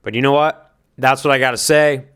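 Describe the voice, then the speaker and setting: A man's voice: medium pitch, fairly even intonation, a little fast, fairly bright tone, clear, resonant tone. A man giving casual spoken fight commentary, thinking aloud and hedging his guesses, then giving direct advice.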